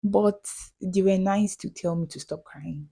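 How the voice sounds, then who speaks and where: A woman's voice: medium pitch, measured pace, vocal fry, warm tone, breathy edge. A young woman in her twenties with a Nigerian accent, talking casually in a vlog voiceover, chatty and prone to repeating herself. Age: 20s. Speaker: vlogger.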